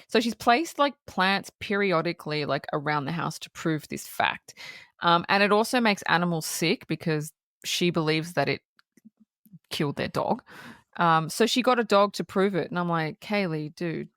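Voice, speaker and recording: A woman's voice: on the low side, lively intonation, moderate pace, fairly bright tone, no room sound, clean studio sound. A woman co-hosting a podcast, recapping a film in casual chat and laughing often. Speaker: podcast co-host. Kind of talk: casual movie review chat.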